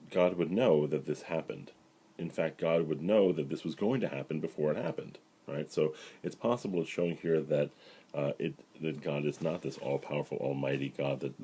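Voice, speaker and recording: A middle-aged male rabbi giving a relaxed spoken Bible lesson, with lots of fillers and "right?" asides to his listeners. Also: extremely low pitch, a little hiss or hum. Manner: conversational, many fillers and "right?" asides, paraphrases dialogue. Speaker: rabbi teaching the weekly Torah portion.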